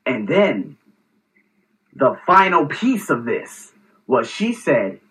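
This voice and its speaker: Male vlog host in his 30s from the US, casual exasperated storyteller with a bright, sharp voice. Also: high voice, sing-song, slow, poor audio. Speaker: show host.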